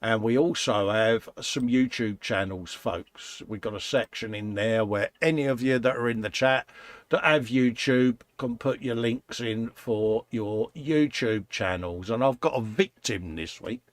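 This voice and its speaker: A man's voice: mid-range voice, unhurried, no echo. A British man hosting a casual live stream from his workshop, reading out viewer comments in a chatty, matey way. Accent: British English. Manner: chatty, matey, calls viewers mate and folks. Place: home workshop.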